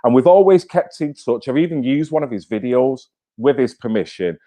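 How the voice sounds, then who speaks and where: A man's voice: mid-range voice, expressive, moderate pace, dark tone. A man hosting his own channel, talking in a blunt, fired-up way with swearing and rhetorical questions. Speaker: channel host. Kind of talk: casual live-stream commentary.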